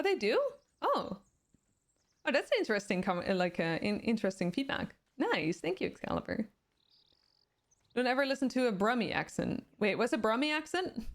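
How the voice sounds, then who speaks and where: A woman with a Swedish accent, a native Swedish speaker who streams games and chats casually, reading viewer comments aloud and answering them. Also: mid-range voice. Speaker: game streamer. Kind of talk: casual chat with live viewers.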